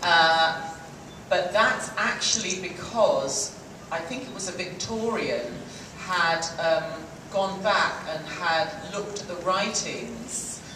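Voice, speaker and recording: A woman guest at a fan Q&A talks slowly and chattily, laughing and restarting her sentences. She is picked up from far off in a very echoey hall, with steady noise behind her. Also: fairly low pitch. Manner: chatty, laughing, self-interrupting. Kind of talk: fan convention Q&A.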